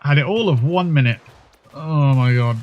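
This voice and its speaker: A man's voice: on the high side, moderate pace, lo-fi sound, a little hiss or hum. A man chatting casually and swearing now and then as he commentates his own gameplay on a livestream.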